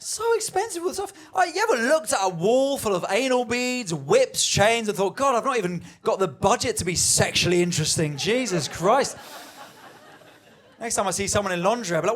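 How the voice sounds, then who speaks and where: A man's voice: sits high, lively intonation, brisk, fairly bright tone. A man doing a stand-up comedy set, talking conversationally and acting out the voices he quotes. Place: comedy venue with live audience.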